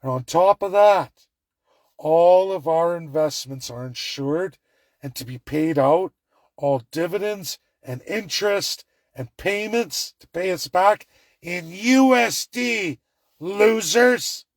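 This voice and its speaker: A man from Alberta speaks with a notably high-pitched voice. He rants through political commentary in a sarcastic, angry, mocking way. The sound is dry and close, with no room echo. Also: takes it slowly. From Alberta, Canada.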